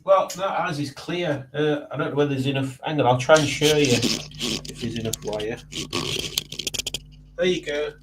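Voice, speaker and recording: A man's voice: on the high side, moderate pace, long pauses, reverberant, background noise. Rambling guy reading chat. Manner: rambling, reads chat messages aloud, chuckles to himself. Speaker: livestream host reading chat. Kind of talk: casual chat. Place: at home, indoors.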